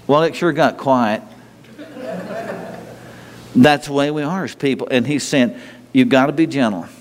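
A man's voice: medium pitch, measured pace. A pastor preaching a sermon in a conversational way, often restarting phrases and chuckling as he talks to the congregation. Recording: long hall reverb.

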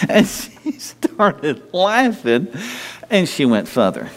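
A man with a slightly high voice preaching a sermon. He talks to the congregation in a loose, conversational way, restarting phrases and chuckling, and his voice rings with a long hall reverb. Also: very animated, measured pace, a little hiss or hum. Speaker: pastor.

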